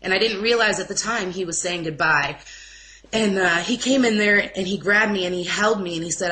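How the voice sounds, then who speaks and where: Young woman, interview guest, crisp bright tone, emotional and halting testimony. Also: medium pitch, slight background noise, low-quality recording. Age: young adult. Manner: emotional, halting, with restarts and apologies. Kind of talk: personal testimony in an informal interview.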